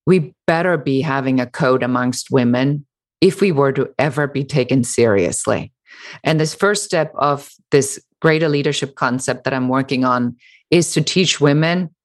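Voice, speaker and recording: Woman, low pitch, middle-aged, emphatic, interview guest. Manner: animated, emphatic, sarcastic mimicry. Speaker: author and business founder. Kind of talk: interview answer.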